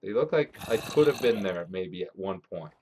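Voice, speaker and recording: A man's voice: sits low, expressive, moderate pace, a little mellow, a little hiss or hum. A man streaming a game live, talking to his chat and swearing often as he grows frustrated. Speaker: gaming streamer. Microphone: desk mic. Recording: slightly dull lo-fi stream audio.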